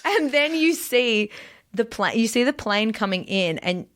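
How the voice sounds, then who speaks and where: A woman comedian on a podcast, telling an animated story in casual chat, full of "like" fillers and acted-out quotes. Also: on the high side, measured pace.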